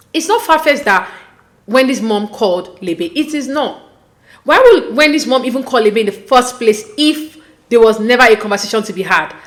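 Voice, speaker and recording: A woman from Nigeria hosting a reality TV recap, talking in a casual, animated, opinionated way with frequent exasperation. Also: a little high. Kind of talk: casual commentary.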